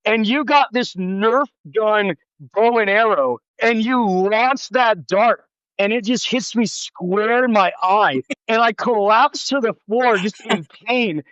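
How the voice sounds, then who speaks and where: Guy with a high voice telling a story on a podcast, animated, says like and dude a lot, kinda dull audio. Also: slow pace, no room sound. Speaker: podcast guest. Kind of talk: casual storytelling.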